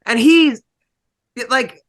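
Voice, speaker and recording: A middle-aged male comedian hosting a podcast, telling rambling, animated stories and laughing often. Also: very high voice, very slow. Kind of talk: casual podcast chat, storytelling.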